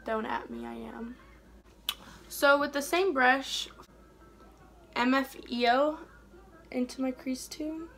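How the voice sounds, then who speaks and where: A young woman chatting casually while doing her makeup for a beauty vlog, rambling and trailing off softly mid-thought. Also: sits high, takes it slowly, vocal fry, pauses often, a little hiss or hum. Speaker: beauty vlogger. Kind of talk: casual get-ready-with-me chat.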